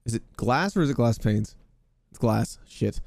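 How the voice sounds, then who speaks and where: A young man talks over his gameplay, loud and easily excited, with plenty of swearing. His voice leaps up and down constantly as he reacts. The sound is close and dead, with no room around it. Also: mid-range voice, normal speed, creaky, no echo. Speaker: podcast host. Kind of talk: gaming commentary.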